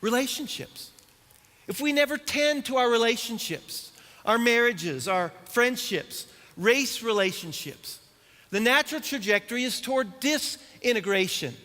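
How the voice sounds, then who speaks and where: A man's voice: very high-pitched, lively intonation, a little slow, bright, forceful tone. A middle-aged man preaching a sermon in a church, conversational and humorous, tossing rhetorical questions to the congregation. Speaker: pastor. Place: church auditorium. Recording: church hall reverb.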